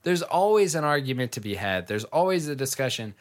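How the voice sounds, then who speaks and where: A man's voice: medium pitch, sing-song, a little fast. A man in casual conversation who argues heatedly, swears freely and fills his speech with "like". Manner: heated, swears, many "like" fillers. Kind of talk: casual chat.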